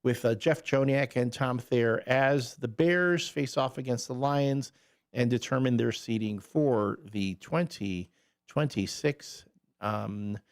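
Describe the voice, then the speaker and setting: A man hosting morning radio, chatting easily into a studio mic. His delivery is loose and conversational, full of little fillers and restarts, and his pitch sits at an ordinary middle height. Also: slow pace. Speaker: radio morning show co-host. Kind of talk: casual morning radio chat. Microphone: studio microphone.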